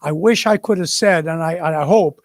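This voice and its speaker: Older man, higher-pitched, telling a story. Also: normal speed, no room sound. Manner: animated storyteller who acts out the people in his story. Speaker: retired military officer. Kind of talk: anecdotal storytelling.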